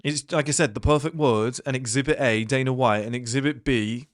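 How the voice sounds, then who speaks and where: A man's voice: medium pitch, fairly quick, dry recording, studio quality. A man in his thirties giving a casual motivational talk to his viewers, blunt and rambling, with plenty of swearing and fillers. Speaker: channel host.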